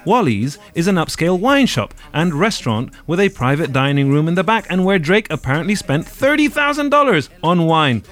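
A man's voice: fairly high pitch, big pitch swings, fairly quick, hardly any pauses, a bit bright. A man hosting a podcast, chatting casually about music in a wry, rambling way. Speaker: podcast host.

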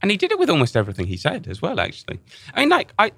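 A man's voice: sits high, wildly swooping pitch, rapid-fire, creaky, a bit bright, breathy edge, dry recording. A man hosting a casual chat, telling a story animatedly with lots of restarts.

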